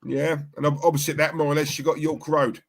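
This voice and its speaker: This live football watchalong co-host has a slightly high, creaky voice, a flat delivery, and a fairly quick pace. Chatty and slangy, he keeps up the banter with his co-host and the audience, laughing often.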